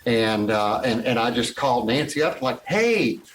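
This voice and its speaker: A man in his sixties, a guest telling stories from his life in a casual interview, animated and acting out old conversations. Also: mid-range voice, normal speed, a little hiss or hum, rough recording. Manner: animated storyteller who acts out past conversations.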